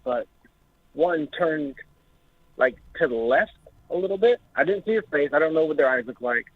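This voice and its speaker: Over a tinny phone connection, a young caller relates an experience to a call-in show at a normal pace. His voice sits fairly high and sounds animated, and he's emotional, jittery and quick to curse.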